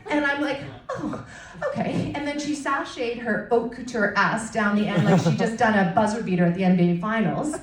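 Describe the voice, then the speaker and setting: A middle-aged woman performing a stand-up routine, telling stories in an animated, self-mocking way on a comedy club stage. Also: fairly high pitch, moderate pace. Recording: distant mic in an echoey room with a loud crowd. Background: audience laughter and cheers.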